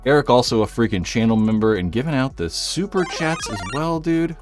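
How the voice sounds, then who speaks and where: A man hosts a casual live stream, rambling and joking while reading viewers' messages aloud, a little out of breath. His voice is medium-pitched and a little fast, with music in the background.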